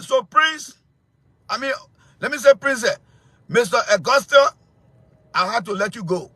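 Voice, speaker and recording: A Liberian man with a very high, forceful voice delivers angry political commentary. He circles back to the same points again and again, confronting his targets head-on. The recording is close and dry, with no room sound. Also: moderate pace, long pauses, no echo. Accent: Liberian English. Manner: confrontational, repetitive, shouting at times. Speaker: show host.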